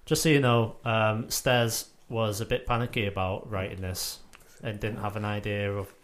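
A man hosts a casual podcast with a slightly low, easygoing voice. He jokes and teases his way through the chat. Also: level tone, normal speed. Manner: jokey, self-mocking banter. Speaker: podcast host.

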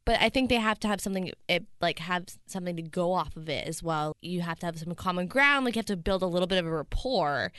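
A woman's voice: on the low side, expressive, fast talker, few pauses, fairly bright tone, smooth, no room sound, clean studio sound. A woman in her twenties with a slight lisp, co-hosting a casual chat podcast in a playful, teasing way. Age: 20s. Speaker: podcast co-host.

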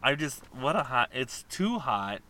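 A man's voice: mid-range voice, a little slow. A man from Wisconsin in casual chat, ranting and telling stories with lots of swearing. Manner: ranting, profane, animated storytelling.

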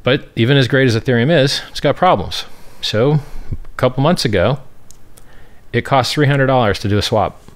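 A man's voice: mid-range voice, moderate pace. A man, a crypto project founder, giving brash, boastful and scornful answers in an interview.

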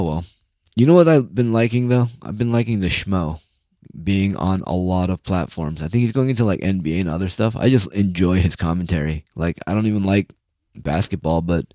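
A low, dark-toned man talking close to a dry mic. He rants through a loose solo monologue, sarcastic and profane, with plenty of uhs and restarts. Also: no room sound. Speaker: solo podcast host. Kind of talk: casual rambling monologue.

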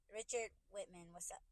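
A woman's voice: medium pitch, no echo. A woman podcast host ranting casually on a livestream, speaking into a phone from her car. She talks bluntly and profanely, and she often restarts her sentences as she works herself up.

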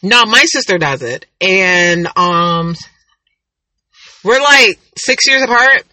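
A woman in her thirties hosts a casual podcast monologue and wanders from story to story with frequent laughs. Her voice is bright and piercing, and the recording is close and dry with no room sound. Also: mid-range voice, expressive, takes it slowly, no echo, rough recording. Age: 30s. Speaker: podcast host.

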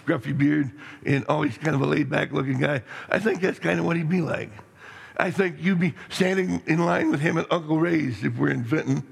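A middle-aged man preaching a sermon as pastor, rambling and excitable, with many restarts and stammers. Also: a little high, gravelly, husky. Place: church sanctuary. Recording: long reverb in a hall.

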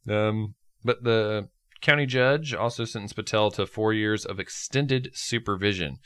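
A man's voice: on the low side, measured pace, a bit bright, clean tone. A man co-hosting a casual podcast, joking loosely with profanity and laughing often. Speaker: podcast co-host reading news.

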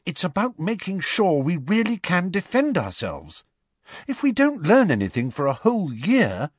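A man's voice: high voice, huge pitch swings, moderate pace, slightly rough, no echo, clean studio sound, pitched above the performer's own voice, full character voice. A man voicing an earnest, insistent teenage schoolgirl in an audiobook reading. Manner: eager and insistent. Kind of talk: audiobook character voice.

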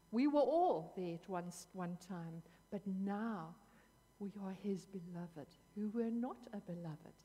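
A woman's voice: mid-range voice, lively intonation, unhurried, mellow, slightly rough, big-room sound. A woman preaching a sermon in an earnest, emphatic way, repeating phrases for weight.

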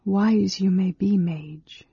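A soft, murmuring young woman of some unknown race, as a reader puts her on for an audiobook. Her lines sit higher than the narration, but the voice stays gravelly and husky. The recording is dull and dry. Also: slow pace, dry recording, heavily acted. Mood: soft, tender. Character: gentle mysterious non-human young woman.

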